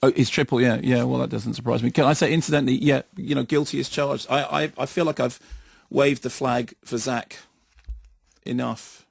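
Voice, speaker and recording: A man's voice: mid-range voice, steady tone, normal speed, creaky, husky, no echo. A man co-hosting a radio film show, talking emphatically with stammering restarts into a studio microphone. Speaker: film critic co-host. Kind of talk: radio chat.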